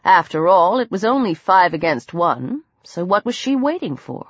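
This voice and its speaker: A woman's voice: fairly low pitch, sing-song, measured pace, fairly bright tone, husky, no room sound, lo-fi sound. A woman reading a thriller audiobook as narrator, building into tense, dramatic passages. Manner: tense, dramatic reading that rises into fighting cries. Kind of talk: scripted narration.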